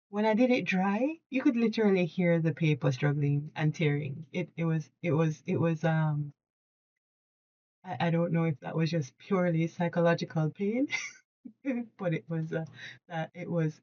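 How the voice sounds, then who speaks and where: A woman with a fairly low voice talks through a casual, hands-on craft tutorial from her desk at home, hosting at a moderate pace. Chatty and excitable, she laughs a lot and restarts sentences while she works. The recording sounds a little dull.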